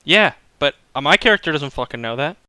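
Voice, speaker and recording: A young man playing a tabletop game, animated and casually swearing. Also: on the high side, brisk, smooth, no echo. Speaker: player.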